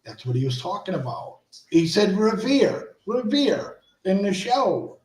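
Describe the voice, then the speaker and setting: A man's voice: sits high, sing-song, a little slow, darkish tone, reverberant, low-quality recording. A man co-hosting a casual talk show, playful and putting on announcer hype. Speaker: co-host. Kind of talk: casual chat.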